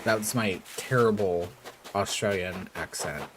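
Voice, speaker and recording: A man's voice: low voice, measured pace, background noise. A man streaming a game, chatting casually and rambling with lots of filler words. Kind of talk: casual live-stream chat while gaming. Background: background game music.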